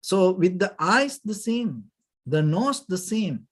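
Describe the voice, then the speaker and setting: A man, a Buddhist monk, giving a dhamma talk, halting and searching for words, often saying "you know", with gentle, patient explanation. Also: high-pitched, big pitch swings, slightly rough. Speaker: Buddhist monk teaching meditation.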